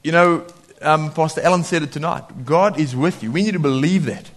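A man preaching a sermon in a lively way, laughing often and acting out voices when he quotes people. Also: on the high side, fairly quick.

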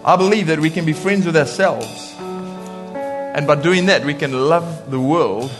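Lively male preacher, higher voice. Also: unhurried, over music. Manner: lively, laughs often, mimics voices in quotes. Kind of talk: sermon.

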